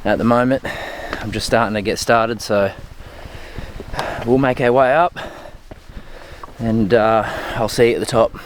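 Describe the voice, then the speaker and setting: A man's voice: medium pitch, steady tone, measured pace, a little hiss or hum. A man with an Australian accent talking casually to the camera while climbing a steep mountain trail, stopping to catch his breath between phrases. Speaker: hiking vlogger. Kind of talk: casual vlog narration.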